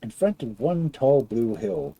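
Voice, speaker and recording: A man reading a fairy tale aloud as a storyteller, in an expressive style. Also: unhurried, slightly rough, no room sound, low-quality recording. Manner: expressive storybook reading with wide swings in pitch.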